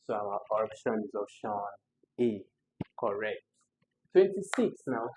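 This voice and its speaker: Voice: mid-range voice, darkish tone. Chatty Nigerian exam tutor, muffled. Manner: chatty, laughs often, asks rhetorical questions.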